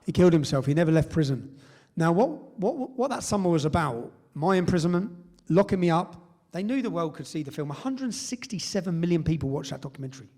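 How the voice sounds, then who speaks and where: An English man speaking to a live audience in a fairly high register, telling his story with force. He presses each point and often checks in with a quick "yeah?" as he goes. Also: sing-song, a little mellow. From England. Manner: emphatic, tags points with "yeah?". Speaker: speaker at a public event.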